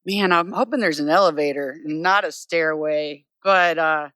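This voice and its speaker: A woman's voice: low-pitched, a little slow, no echo. A woman singer-songwriter talking casually and enthusiastically as an interview guest, on stage at a bar. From United States. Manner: easygoing, enthusiastic, warm praise.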